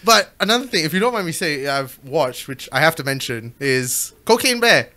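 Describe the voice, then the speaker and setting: Animated, bright-voiced podcast co-host. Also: mid-range voice, moderate pace. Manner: animated, excitable storyteller. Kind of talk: casual chat.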